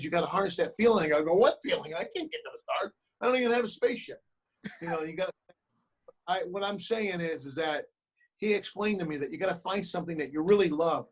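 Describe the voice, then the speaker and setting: Animated man telling stories on a call. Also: a little high, breathy edge, poor audio. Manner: animated storyteller, acts out quoted voices. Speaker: actor and producer, guest. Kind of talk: remote interview, storytelling advice.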